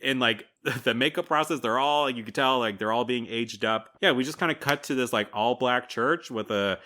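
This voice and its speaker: Bright-voiced man recapping a film. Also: medium pitch, moderate pace. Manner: animated retelling with quoted voices and laughter. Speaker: podcast co-host. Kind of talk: casual film recap chat.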